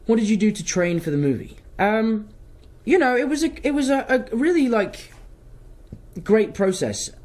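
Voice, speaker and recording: A man's voice: sits high, sing-song, normal speed, darkish tone. A young man from London answers fan questions in an English accent, his voice sitting slightly above the usual male range. He talks loosely and cheerfully, wandering off track as he goes, in the easy manner of a casual live Q&A. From London, England. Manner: rambling, chatty, wanders off track.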